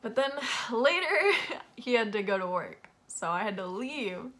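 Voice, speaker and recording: A young woman with a bright, clear tone, recounting a personal story to her viewers. She talks candidly and casually, dropping "like" between her thoughts as she confides in them. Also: fairly high pitch, big pitch swings, unhurried. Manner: candid and confessional, with frequent "like" fillers. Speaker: vlogger.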